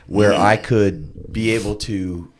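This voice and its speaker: A man's voice: fairly low pitch, slow. A young man with a Southern twang, a guest in a casual podcast chat, laid-back, laughing often and swearing freely.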